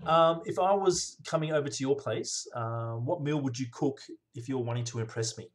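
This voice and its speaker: Enthusiastic male interview host. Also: medium pitch. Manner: enthusiastic, affirming, quick "yes" replies. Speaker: podcast host. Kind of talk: casual interview.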